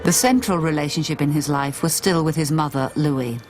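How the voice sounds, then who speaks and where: A woman giving scripted documentary narration in a measured, even way. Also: low voice, soft background music.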